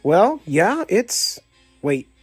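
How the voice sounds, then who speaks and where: A man's voice: high-pitched, sing-song, drawn-out words, slightly rough, no echo, soft background music, heavily acted. A man voicing a spirited female cowgirl toy with a folksy, hollering manner in a storybook reading. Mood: warm.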